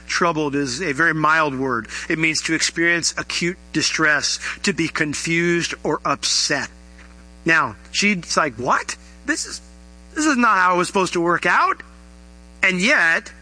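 Bright-voiced, animated male preacher. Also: on the high side, low-quality recording. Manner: animated, rising to emphatic questions. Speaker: pastor. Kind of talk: sermon.

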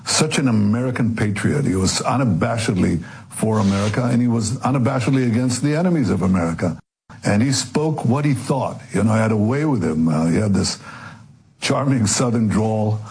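A man, a political leader, answering interview questions earnestly, with halting restarts. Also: lowish voice, a little mellow, slightly rough, rough recording.

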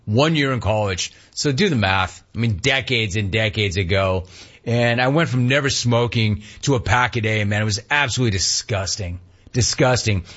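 A middle-aged man hosts a sports talk radio show and rants with lively, sarcastic swings. His voice is husky and moves up and down a lot. The broadcast audio is a bit dull. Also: medium pitch. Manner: animated, sarcastic ranting.

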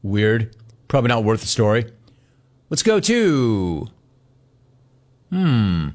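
A man's voice: medium pitch, sing-song, darkish tone. A man hosting a talk radio show, telling a story in a brash, mocking way. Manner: brash, mocking, fast-riffing. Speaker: sports talk radio host. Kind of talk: casual chat, storytelling.

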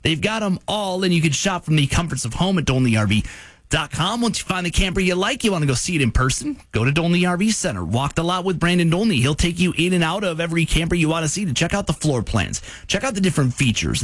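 A man hosting a morning rock radio show, reading promos and ads in a brisk announcer style. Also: on the high side, a bit bright, no echo, clean studio sound. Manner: brisk announcer delivery, laughs easily. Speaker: radio host.

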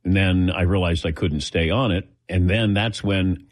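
A middle-aged man with a fairly low voice tells a relaxed personal story as the host. He slips into little impressions of the people he quotes. The sound is dry and close. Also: moderate pace, no echo. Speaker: host taking audience questions. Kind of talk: casual storytelling.

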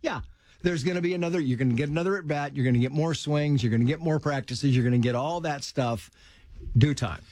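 A middle-aged man, a guest author, telling lively personal stories in casual conversation and acting out the people in them. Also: fast talker, no echo. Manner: animated, acts out quoted voices with big pitch jumps.

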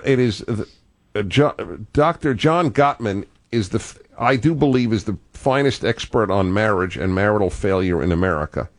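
An older man hosting a call-in radio talk show, thoughtful and digressive, often restarting his sentences. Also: on the low side.

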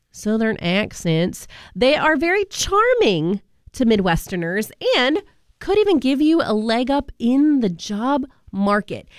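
A woman's voice: on the high side, no echo, clean studio sound. A woman from Virginia hosting a radio show, talking in a chatty, conversational way. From Virginia, USA. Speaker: radio host. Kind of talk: casual radio talk. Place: radio studio.

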